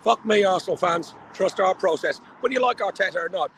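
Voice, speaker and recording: A man calling in live from outside a football ground on a phone held to his ear, rambling excitedly and swearing freely. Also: high-pitched, brisk, slight background noise. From Ireland. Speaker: live correspondent at the match. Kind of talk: excited phone call from a match. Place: outdoors near a stadium.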